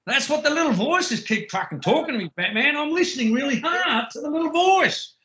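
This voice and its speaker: A man's voice: very high-pitched, animated, brisk, sharp tone. A man on a voice call, arguing in a mocking, profane, sarcastic way. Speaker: caller on a group call. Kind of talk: heated argument on a voice call.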